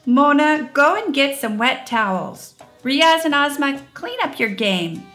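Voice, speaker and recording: A woman's voice: sits high, lively intonation, measured pace, soft background music, voice pushed up. A woman reading a stern but patient mother in a storybook, firm and commanding. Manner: firm, commanding, loud calls.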